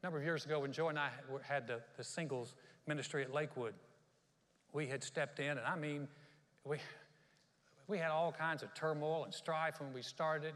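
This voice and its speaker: A man's voice: medium pitch, a bit bright, in a large hall. A man pastor preaching a sermon in a church, telling stories in a folksy way and acting out quotes. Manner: folksy storytelling with acted-out quotes.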